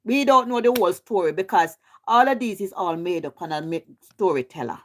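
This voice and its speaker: A woman's voice: lowish voice, lively intonation, brisk, fairly bright tone, slight background noise. Fired-up Jamaican woman ranting live. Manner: heated, repetitive, swears a lot. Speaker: livestream host.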